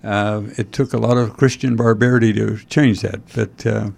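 Man, talk show host, gravelly voice, halting, rambling, wry asides. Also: lowish voice, steady tone, a little mellow. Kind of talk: casual political talk show chat.

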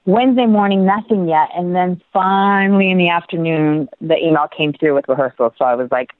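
A middle-aged woman telling a story as an interview guest, lively and animated, with quick asides and restarts. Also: on the low side, dry recording. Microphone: phone. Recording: tinny dry phone line.

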